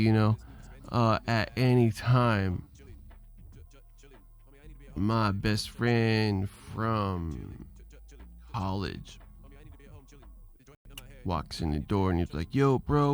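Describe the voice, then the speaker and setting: A man's voice: lowish voice, extremely slow, long pauses. A man hosting a solo podcast, rambling loosely with restarts, fillers and casual profanity. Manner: meandering, trailing off, frequent restarts and fillers; loose, profane and self-deprecating. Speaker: podcast host.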